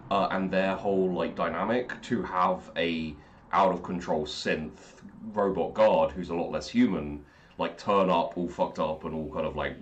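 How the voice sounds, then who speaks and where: A man's voice: sits low, steady tone, moderate pace, a little hiss or hum. A man who ran the game, chatting casually in an aftershow with lots of fillers and restarts. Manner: rambling, with many fillers and restarts. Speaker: game master.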